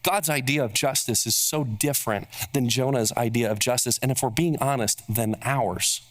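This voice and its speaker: A man's voice: mid-range voice, normal speed. A man preaching a sermon as pastor, emphatic and building on repeated rhetorical questions.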